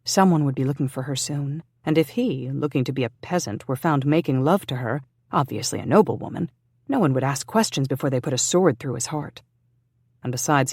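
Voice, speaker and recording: Audiobook narrator, measured, even reading, dry studio sound. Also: mid-range voice, slightly rough, no room sound. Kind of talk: scripted narration of a historical romance.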